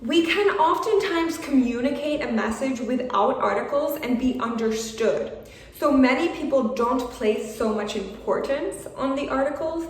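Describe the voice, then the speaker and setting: A woman's voice: high voice, animated, a little slow. A woman teaching an English video lesson, talking frankly and encouragingly with little laughs. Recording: echoey room, voice from a distance.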